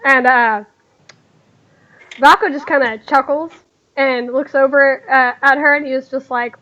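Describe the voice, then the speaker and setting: A woman narrating as game master of a tabletop game, halting, with many fillers. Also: high voice, steady tone, dull audio. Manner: hesitant, with many fillers and laughs.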